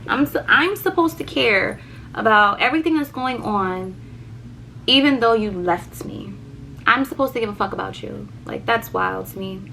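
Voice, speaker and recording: A young woman vlogger chatting casually through a story, animated, swearing and repeating words for emphasis. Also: fairly high pitch, moderate pace, vocal fry, a little hiss or hum, rough recording.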